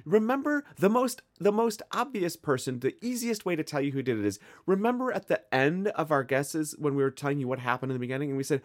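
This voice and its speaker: A man's voice: on the high side, fast, few pauses. Midwestern American male co-host, casual and rambly, with a bouncy, wide-ranging delivery. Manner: rambling and animated. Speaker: podcast co-host. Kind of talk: casual chat.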